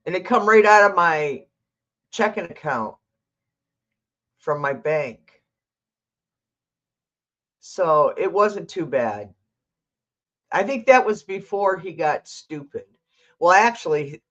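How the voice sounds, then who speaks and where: A woman's voice: lowish voice, a bit bright, highs cut off. An older woman hosting a tarot livestream, chatting casually, reading out viewer comments and talking to her cat.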